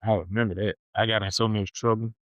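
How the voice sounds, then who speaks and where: Here a young podcast host talks fast in a fairly low voice, spinning a childhood story in an animated, slangy style and repeating himself often. The recording is dry and sounds dull.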